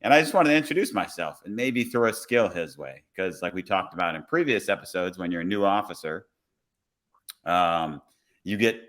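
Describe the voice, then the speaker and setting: A man who works as a police officer tells a story in a relaxed, conversational way on a podcast and acts out his own quoted lines. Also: low voice, normal speed.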